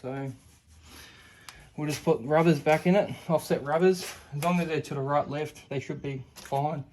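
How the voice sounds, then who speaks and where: A man's voice: a little high, moderate pace, darkish tone, a little hiss or hum. A man giving casual commentary while working on a car part in his workshop, chatting as he goes. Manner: talks while working, chatty, self-deprecating. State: out of breath. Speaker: home mechanic.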